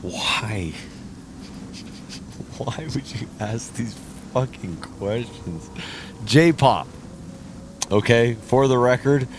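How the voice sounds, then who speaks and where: A man's voice: on the low side, slight background noise. A man streaming a video game, chatting casually and tipsy from drinking, with a profane, rambling, self-mocking manner. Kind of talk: casual live-stream chat. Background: game music.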